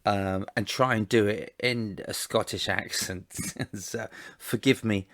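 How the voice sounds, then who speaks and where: A man hosting a podcast, chatty and quick to laugh as he wraps up an interview. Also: lowish voice, dry recording, studio quality. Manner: chatty, laughs often, warm thanks. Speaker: podcast host. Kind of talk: casual interview and outro.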